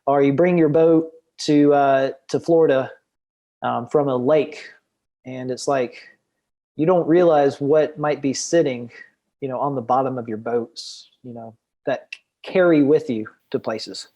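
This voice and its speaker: A man's voice: mid-range voice, fairly even intonation, measured pace, mellow. A young man, a guest outdoor educator, talking in a rambling casual podcast chat full of fillers and restarts.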